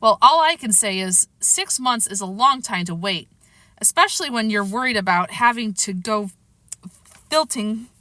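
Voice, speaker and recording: A woman reading a children's novel aloud in a lively, expressive way. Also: fairly high pitch, dry recording. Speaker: reader. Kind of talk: storybook narration.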